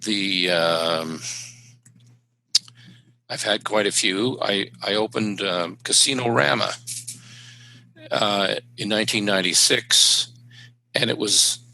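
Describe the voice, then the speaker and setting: A middle-aged man from Canada spins wry stand-up anecdotes in relaxed podcast talk. His low voice has a bright, forward edge. A faint hum sits under the recording. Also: takes it slowly, vocal fry, long pauses, low-quality recording. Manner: anecdotal, wry, with punchline delivery. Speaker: stand-up comedian guest. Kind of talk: casual storytelling chat.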